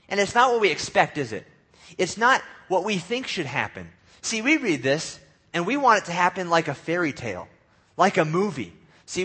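A man's voice: on the high side, a bit bright, husky. A man preaching a sermon in a casual, conversational way, mixing scripture reading with everyday slang. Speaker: pastor.

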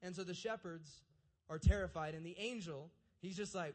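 This is a young man with a slightly high voice who gives a relaxed, chatty sermon as a youth pastor. He reads scripture aloud, then talks it through in plain, everyday words. He keeps tossing quick "right?" questions to his listeners. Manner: conversational, keeps asking "right?" to the audience. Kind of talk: casual sermon with scripture reading.

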